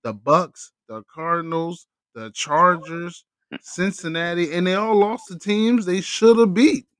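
Animated, teasing man talking sports. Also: high-pitched, a little slow, no room sound. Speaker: podcast co-host. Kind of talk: casual sports chat.

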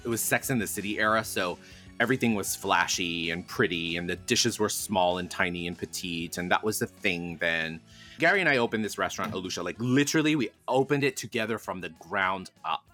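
Bright-voiced man telling a candid story. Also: deep voice, brisk, soft background music. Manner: frank, animated, swears casually. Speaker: podcast guest.

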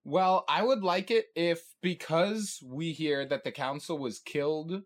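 A man's voice: on the high side, unhurried. Man musing aloud, tossing in "right?". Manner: thinking aloud, many "right?" tags. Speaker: podcast co-host. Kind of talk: casual chat.

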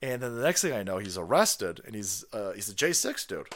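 A man's voice: on the low side, sing-song, brisk, fairly bright tone. A man hosting a casual livestream, reading viewer messages and answering them with profanity, laughter and rambling asides. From South Carolina.

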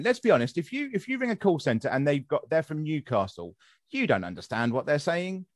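Lively ranting young Englishman, podcast host. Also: a little high, normal speed, no echo, studio quality. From England. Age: young adult. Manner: ranting, swears freely, animated. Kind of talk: casual podcast chat.

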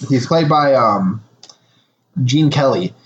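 A man co-hosting a casual chat about a movie, talking in an animated way, swearing freely and acting out the characters. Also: takes it slowly, dull audio, a little hiss or hum. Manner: animated, swears often, acts out characters in high voices. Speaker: podcast co-host.

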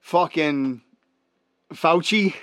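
Sarcastic higher-voiced man, dry mic. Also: a bit bright, no room sound. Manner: sarcastic, profane, quick retorts. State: high. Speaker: podcast co-host. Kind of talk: casual stoned banter.

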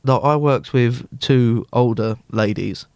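A man's voice: medium pitch, takes it slowly, no room sound. Young man telling stories, dry sound. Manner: animated storytelling, acting out both sides of a row. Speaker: podcast co-host. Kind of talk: casual chat.

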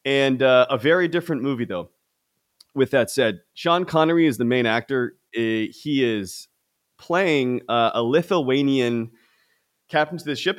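Young adult man, casual podcast co-host, loose rambling delivery with frequent restarts. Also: mid-range voice. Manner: rambling, animated, many restarts. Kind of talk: casual film discussion.

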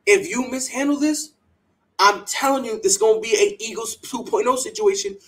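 Extremely high in pitch and fairly quick, this man's voice comes through poor audio. He hosts a sports podcast, delivering animated, heated rants with strong opinions and mocking quotes in a put-on voice.

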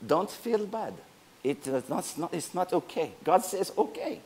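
A man's voice: high-pitched, big pitch swings, normal speed, a little mellow, a little hiss or hum. A middle-aged man preaching a sermon as pastor, playful and joking between points.

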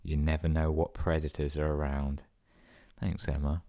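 Deep-voiced sweary podcast host. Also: male voice, flat delivery, normal speed, mellow. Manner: sweary, sarcastic running commentary. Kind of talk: reading listener emails with comic asides.

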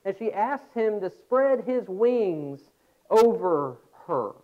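A man preaching a sermon, earnest, with reflective pauses. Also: high voice, lively intonation. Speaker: pastor. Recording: tinny phone-like sound.

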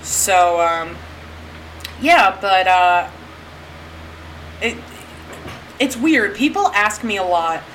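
A woman's voice: medium pitch, expressive, very slow, long pauses, a bit bright, poor audio. Rambling, laughing female podcast co-host. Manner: rambling, repeats phrases, laughs often. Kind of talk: casual chat. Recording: background noise on the track.

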